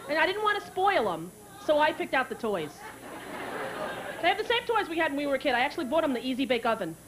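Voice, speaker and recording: A high-voiced woman doing stand-up, wry and deadpan as she spins family stories. A loud crowd and steady noise wash around her on stage in a comedy club. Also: fast talker.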